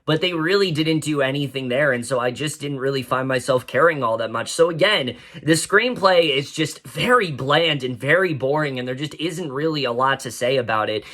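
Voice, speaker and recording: A man's voice: mid-range voice, moderate pace, few pauses, pushed and bright. A young man giving a casual spoken film review, frank and exasperated, with many fillers and restarts. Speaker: movie reviewer.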